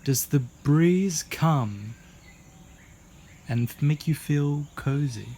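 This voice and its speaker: A man's voice: fairly high pitch, lively intonation, extremely slow, dark tone, slight background noise. A young British man rambling through a jokey, meandering monologue outdoors in a garden, swearing a lot and slipping into silly voices. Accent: British English. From Britain. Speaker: vlogger.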